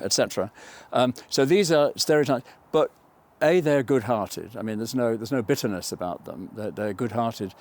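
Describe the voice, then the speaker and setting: Older man musing, somewhat low-pitched. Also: normal speed. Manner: thoughtful, digressive, with self-corrections. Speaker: film writer and interviewee. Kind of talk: reflective documentary interview.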